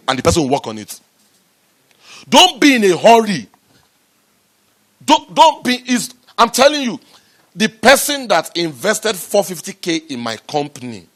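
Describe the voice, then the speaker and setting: A man with a slightly high voice delivers an energetic motivational speech about startup fundraising to an audience in an event room. He says things more than once and climbs to loud, forceful outbursts.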